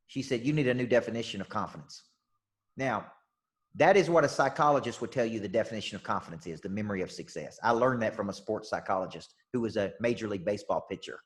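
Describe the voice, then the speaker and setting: A man's voice: lowish voice, quick pace. A man with a Southern US accent giving an intense, upbeat motivational coaching talk, repeating key phrases and checking in with his listeners. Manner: emphatic and repetitive, checks in with "okay?" and "right?". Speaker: life and business coach. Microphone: online call session.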